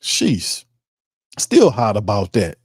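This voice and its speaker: A man's voice: medium pitch, moderate pace, a little mellow, no room sound. Brief: New man, sports stream host, heated profane rant, dry close sound. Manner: fired-up, ranting, profane, mocking impressions.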